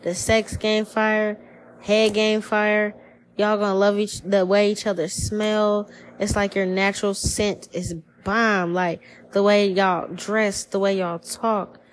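A woman giving a casual spiritual reading on a podcast, talking in slangy, profane, animated bursts. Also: mid-range voice, slow, slight background noise, poor audio. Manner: profane, slangy, animated storytelling with put-on quoted voices. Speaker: tarot reader.

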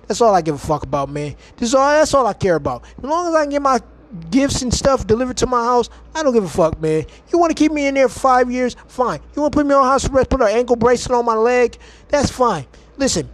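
A man hosting a podcast, delivering a heated, mocking and profane ranting monologue from home. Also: high voice. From United States. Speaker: podcast host.

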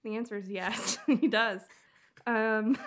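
A young woman co-hosting a casual podcast, retelling a myth with lots of giggles and ums. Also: fairly high pitch. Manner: giggly, halting with many ums. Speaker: podcast co-host.

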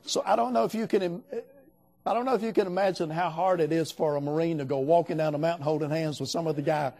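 A man's voice: on the high side, steady tone, quick pace, a little mellow. An older man preaching a sermon in a folksy, storytelling way, acting out the voices of the people he quotes.

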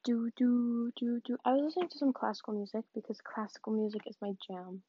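A woman's voice: fairly high pitch, fast, slight background noise. A young woman from the American South, rambling in a casual vlog with self-mocking, giggly asides while she tidies up. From Southern United States. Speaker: vlogger. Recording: dull, dry lo-fi recording.

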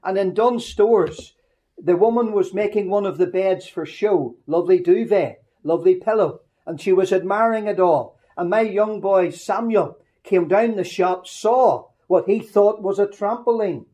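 Middle-aged northern irish man preaching with funny stories, higher voice but warm and mellow. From Northern Ireland. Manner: humorous anecdotal storytelling, quick asides. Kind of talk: storytelling sermon.

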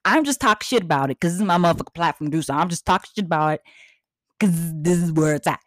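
A woman's voice: lowish voice, lively intonation, quick pace, no echo, clean studio sound. A woman hosts a podcast in a blunt, profane, repetitive rant. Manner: profane, blunt, repeats herself for emphasis. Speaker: podcast host. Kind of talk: casual ranting monologue.

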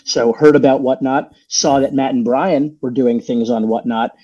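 A man chats as a guest on a podcast, rambling through his story with plenty of fillers and restarts. His voice is mellow and relaxed. The audio is dull and a little lo-fi. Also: medium pitch, normal speed. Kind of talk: casual podcast chat.

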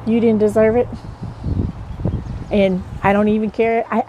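A woman's voice: mid-range voice, little pitch movement, unhurried, highs cut off, background noise. A woman hosting a podcast, talking in an earnest, blunt motivational monologue, swearing freely and repeating her points for emphasis. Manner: emphatic repetition. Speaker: podcast host.

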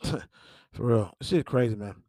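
A man's voice: fairly low pitch, moderate pace, warm tone, no room sound, studio quality. A man hosting a podcast, reading celebrity headlines and reacting with profane exclamations and laughter. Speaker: podcast host. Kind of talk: casual celebrity gossip commentary.

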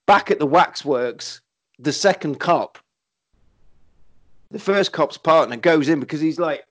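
A man's voice: on the high side, a little slow, pauses often. A man co-hosting a casual chat, retelling a film with lots of laughter and swearing. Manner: animated, acts out characters in quotes, laughs often, swears. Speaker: podcast co-host.

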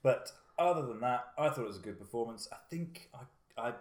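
A man's voice: medium pitch, expressive, fairly quick, reverberant. A man co-hosting a casual film review chat, rambling and circling back as he makes his points. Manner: rambling, with frequent fillers and restarts. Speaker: podcast co-host.

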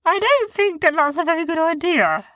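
A woman putting on a timid, high furry beast. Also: sing-song, normal speed, fairly bright tone, no room sound, studio quality, heavily acted. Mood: reluctant. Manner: cautious, reluctant, complaining. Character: big furry male creature, timid and fussy. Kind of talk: storybook character voice.

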